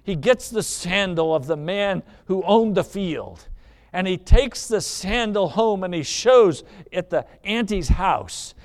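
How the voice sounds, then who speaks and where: Pastor guy preaching, acting out a story, kinda high voice. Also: animated, measured pace. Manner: vivid, dramatic storyteller. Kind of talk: storytelling sermon.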